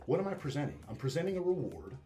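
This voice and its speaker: A man's voice: fairly high pitch, very animated, racing, dark tone, soft background music. Emphatic, profane male dog trainer. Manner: emphatic, profane, repeats words when restarting. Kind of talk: casual interview chat.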